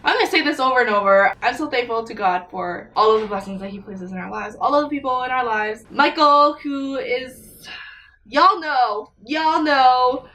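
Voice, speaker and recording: A woman's voice: high-pitched, moderate pace, sharp tone, recorded from a distance, slight background noise. A young woman talking earnestly to camera in a personal vlog, often emotional and close to tears. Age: young adult. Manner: emotional, tearful at times, earnest. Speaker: vlogger.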